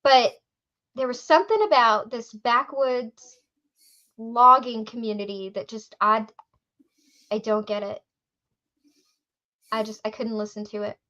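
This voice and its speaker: A woman co-hosts a casual chat. She tells her stories in an animated way and swears freely. Her voice is bright and high, and it comes through dull lo-fi audio. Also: unhurried, pauses often. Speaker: podcast co-host.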